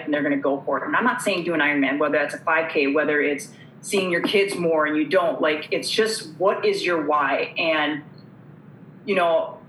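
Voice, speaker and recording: A woman's voice: deep voice, a bit bright, echoey room, slight background noise, low-quality recording. A woman guest telling her story earnestly, acting out the dialogue she quotes. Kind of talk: conversational storytelling.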